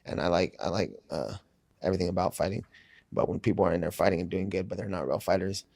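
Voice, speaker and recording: A man's voice: sits low, fast, creaky, darkish tone, no room sound, studio quality. A man casually telling a story in an interview, profane, laid-back and a bit mumbly. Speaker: interview guest.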